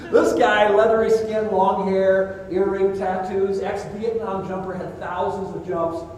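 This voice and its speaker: A man's voice: high-pitched, flat delivery, a little slow, a little mellow, a little hiss or hum. An older man giving a conference keynote, telling a vivid story and acting out the other people's lines. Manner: vivid storyteller, acts out dialogue. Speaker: keynote speaker. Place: conference hall. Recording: echoey hall, distant mic.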